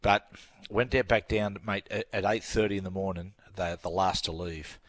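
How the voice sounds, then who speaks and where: Deep-voiced man telling stories. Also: steady tone, moderate pace, dry recording. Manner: rambling anecdotal storytelling with laughs. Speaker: guest. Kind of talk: casual radio chat.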